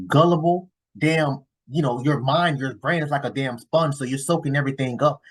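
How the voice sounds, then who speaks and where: A husky-voiced man talks straight at his viewers in a casual reaction video. He is blunt and swears freely, circling back through restarts as he makes his point. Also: on the high side. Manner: blunt, cursing, rambling with restarts. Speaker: YouTube commentator reacting to a clip.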